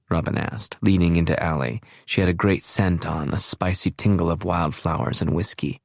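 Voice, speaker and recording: A man with a very low voice narrates an audiobook in a measured, even way. The recording is dry and close, with no room sound at all. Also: creaky, no room sound. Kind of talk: scripted narration.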